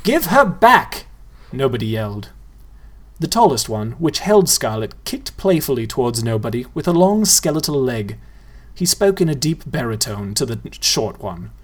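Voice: medium pitch, very animated, moderate pace, hardly any pauses, darkish tone, slightly rough. A playful reader narrating a novel aloud and addressing the listener directly. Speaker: storyteller.

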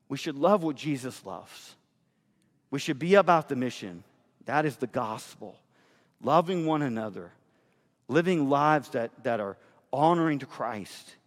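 Preaching man in a reverberant hall. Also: a little high. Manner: preaching with rising emphasis and mock voices. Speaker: pastor. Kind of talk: sermon.

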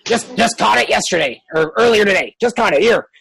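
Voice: medium pitch, lively intonation, fairly quick, creaky, a bit bright, rough recording. A game master doing friendly little goblins. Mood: eager. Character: small goblins, broken speech.

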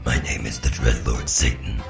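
A booming, rattling Satan, sits far below any normal voice and crackles with gravel. He sounds distant, wrapped in echo, with music loud behind him. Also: fairly even intonation, moderate pace. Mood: smug. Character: booming demonic male Satan, smug. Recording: echoey, distant, over music.

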